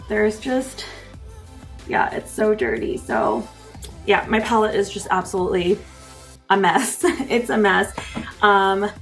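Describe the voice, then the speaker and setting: A young woman beauty vlogger giving a casual, gushing makeup review, full of enthusiasm. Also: medium pitch.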